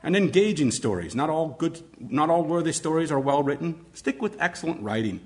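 A man teaching fellow educators how to read stories aloud, with an expressive, demonstrative delivery. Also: on the high side, brisk. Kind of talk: instructional talk on read-aloud storytelling.

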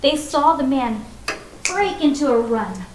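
A woman's voice: sits high, big pitch swings, a little slow, noisy background. Woman reading a story to children. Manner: asks listeners questions, friendly and conversational asides.

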